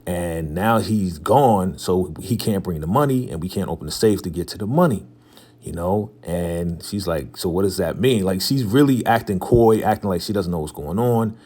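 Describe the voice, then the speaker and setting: A man's voice: low voice, moderate pace, warm tone. A young man casually recapping a TV drama episode, retelling scenes by quoting the characters in loose paraphrase and chuckling now and then. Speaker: TV recap host.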